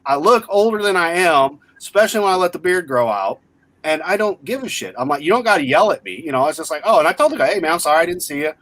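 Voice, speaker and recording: A man in his forties, voice pitched a little above the usual, telling a story in blunt, profane casual chat. The sound is dry and close, with almost no room around it. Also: fast talker, no echo. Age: 40s. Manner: profane, blunt, animated retelling.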